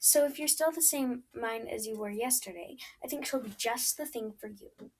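Storybook hostess, bustling and chatty, high and a little husky, read by a woman. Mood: flustered. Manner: fast, eager, fussy hostess talk. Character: brisk bustling chatty middle-aged woman.

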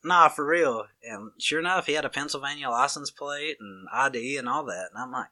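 A man's voice: mid-range voice, brisk, pushed and bright. A man with a Southern US accent, chatting casually and acting out both sides of a story. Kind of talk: casual chat.

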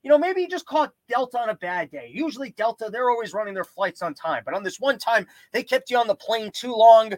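A man's voice: sits high, expressive, a little fast, hardly any pauses, no room sound, poor audio. A young man hosting a podcast, doing a rambling, sarcastic comedic monologue full of tangents. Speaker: podcast host.

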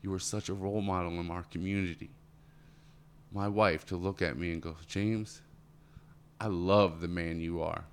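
A man with a fairly low voice speaks in easy, earnest conversation. He sounds motivational and repeats himself as he builds a point. He keeps it loose with an occasional "man". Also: fairly even intonation, normal speed, pauses often, clear, resonant tone. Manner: acts out quoted voices in a higher pitch. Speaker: podcast guest. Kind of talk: casual conversation.

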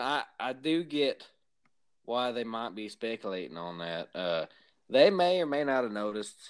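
A man playing a blustery Southern hillbilly podcast host with a drawling Southern accent and deliberately bad grammar. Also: mid-range voice, clear, resonant tone, natural voice. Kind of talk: comedic character banter.

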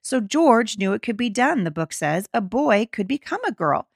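Woman, middle-aged, podcast host, gravelly fry in the voice, dry close sound, indignant emphatic commentary. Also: fairly high pitch, very animated, moderate pace, dry recording. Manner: indignant and emphatic, with stumbling restarts. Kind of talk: opinion commentary, reading an article aloud.

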